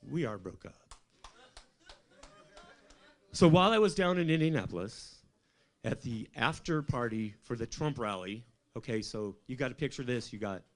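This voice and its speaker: A man from Colorado working a small club stage at an open mic. His pitch swings widely as he rambles through deadpan stories and throws questions at the crowd. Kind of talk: stand-up comedy set.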